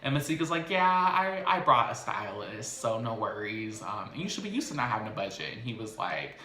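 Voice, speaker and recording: Chatty man recapping, bright echoey voice. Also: on the low side, a little fast. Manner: chatty, animated, gossipy storytelling. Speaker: reality TV recap host. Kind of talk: casual episode recap.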